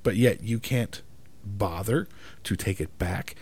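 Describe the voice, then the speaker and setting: A man's voice: lowish voice, slow pace, darkish tone, slightly rough. A man ranting in a profane monologue, exasperated and emphatic, swearing constantly and often asking "right?" for agreement.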